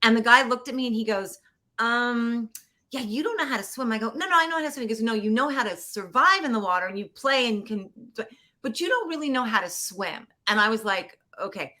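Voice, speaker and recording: A woman guest on a podcast telling a personal story in a casual, animated way, acting out quoted voices and getting teary. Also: a little high, brisk. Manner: animated, acts out quoted voices, laughs often. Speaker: podcast guest, producer and actor. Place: Los Angeles.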